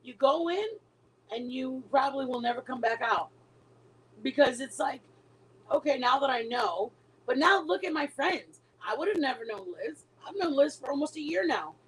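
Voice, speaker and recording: A middle-aged woman chats casually to her viewers, looping through a story with restarts and trailing asides. Her voice sits a little high. A faint hiss runs under the recording. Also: lively intonation, moderate pace, rough recording. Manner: rambling, storytelling with many restarts. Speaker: livestream host.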